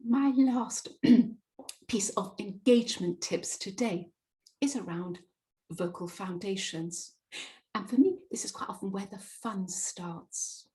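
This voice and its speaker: A British woman giving a webinar as a presentation skills coach, speaking deliberately with emphatic pauses and stressed words. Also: mid-range voice, dark tone, rough recording. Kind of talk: webinar talk.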